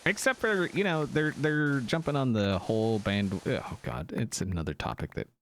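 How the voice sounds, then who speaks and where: Animated rambling male streamer. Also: mid-range voice, moderate pace, slight background noise. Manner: rambling, animated, self-interrupting. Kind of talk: casual chat while gaming.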